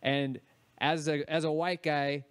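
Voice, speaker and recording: Male co-host, slightly high, smooth and resonant, dry close mic, teasing banter. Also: flat delivery, a little slow, a bit bright. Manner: teasing, wisecracking interjections. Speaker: podcast co-host. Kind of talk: casual comedic banter.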